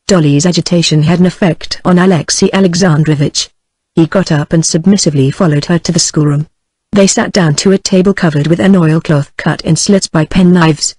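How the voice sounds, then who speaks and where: A text-to-speech female voice with a British English accent, reading a novel aloud in an even, steady delivery. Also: low voice, normal speed, no echo, rough recording. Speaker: audiobook narrator. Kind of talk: synthetic audiobook narration.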